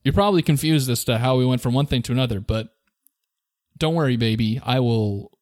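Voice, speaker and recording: A male podcast co-host tells a story in a playful, joking way, laughing often during the casual chat. His mid-range voice is fairly quick and darkish, recorded with clean studio sound and no echo.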